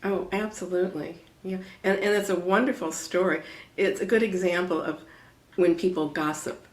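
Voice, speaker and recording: A woman guest on a podcast, a spiritual counselor, answering questions in a measured, explanatory way. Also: on the low side, fairly even intonation. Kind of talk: conversational interview. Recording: roomy echo.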